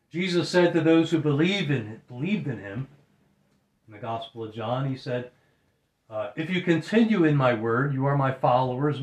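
An earnest male preacher delivers a sermon at a measured pace, his voice sitting in a middle register. He drops to a hush when he quotes scripture. The sound is roomy, with a clear echo around him. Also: mid-range voice. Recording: roomy echoing hall.

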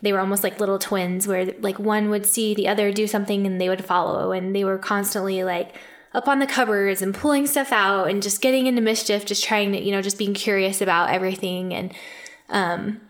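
A woman's voice: medium pitch, steady tone, brisk. Chatty woman telling family stories. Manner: chatty, many "like" fillers, laughs often. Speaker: podcast co-host, adoptive mother. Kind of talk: casual storytelling.

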